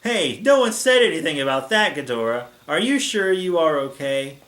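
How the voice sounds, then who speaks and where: A man's voice: a little high, very animated, moderate pace, a bit bright. A man voicing an easygoing, friendly male giant lizard monster in a storybook reading. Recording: echoey room.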